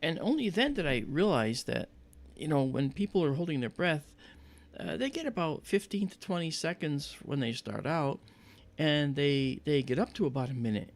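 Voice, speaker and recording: A man's voice: on the high side, very animated, normal speed. A man hosting a live astronomy stream, chatting in a rambling, friendly way with many fillers and greeting viewers by name. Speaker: livestream astronomy host. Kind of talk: casual livestream chat.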